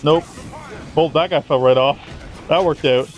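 With faint music behind him, a man with a fairly high voice comments on his own video game run at a measured pace. His let's-play delivery is sarcastic and mock-dramatic, with casual swearing.

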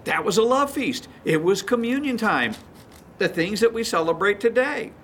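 A man's voice: high-pitched, animated, normal speed, fairly bright tone, slight background noise. A male pastor teaching a sermon, retelling stories in a folksy, chuckling way.

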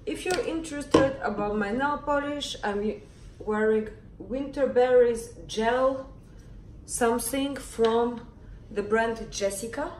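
A woman's voice: a little high, takes it slowly. Young female vlogger, casual and candid, recorded on a camera mic with faint hiss. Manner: chatty, candid, a bit grumpy. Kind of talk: casual vlog monologue. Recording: echoey room, camera at a distance.

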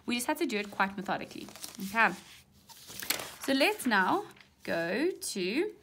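A woman's voice: on the high side, big pitch swings, moderate pace, fairly bright tone, a little hiss or hum. A young woman with a South African English accent, talking through an exam question as a maths teacher in a chatty way, often checking in with "right?". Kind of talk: exam walkthrough lesson.

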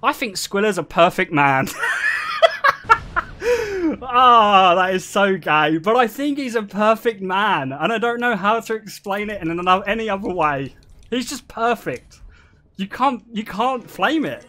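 A man's voice: high voice, animated, a little slow, bright, forceful tone. Crude, laughing young male streamer. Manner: crude, joking, laughs often. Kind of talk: casual stream chat.

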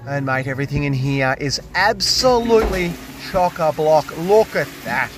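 Excitable, high-voiced Australian tradesman. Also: moderate pace, over music. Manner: excitable, jokey, heavy on Aussie slang. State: hungover. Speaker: drain plumber vlogger. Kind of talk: casual on-the-job vlog. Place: restaurant on a job site, walking around.

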